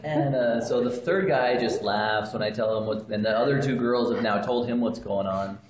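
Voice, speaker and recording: A man's voice: medium pitch, normal speed. A man casually telling a long anecdote, rambling and often laughing as he goes, filmed on a phone. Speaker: storyteller. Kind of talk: casual anecdote told to family. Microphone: phone camera. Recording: echoey room with background noise, phone video.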